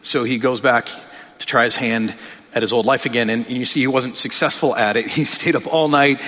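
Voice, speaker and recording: A pastor preaches a sermon conversationally, often repeating words as he restarts and asking rhetorical questions. His mid-range voice is steady, a little fast, bright and forceful, carried by long hall reverb.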